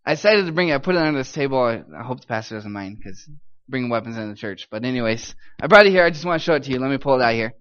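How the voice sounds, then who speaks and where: A young American man giving a lively testimony in a church as a missionary speaker, telling his story with emphatic, animated delivery. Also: mid-range voice, rapid-fire, few pauses, muffled recording. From United States.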